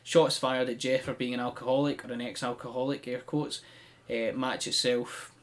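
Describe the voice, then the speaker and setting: A man's voice: medium pitch, flat delivery, normal speed. A man, casually recapping events on a podcast with frequent "um" and "like". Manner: chatty storyteller with frequent "um" and "like". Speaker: podcast co-host. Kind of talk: casual chat, recapping a wrestling show.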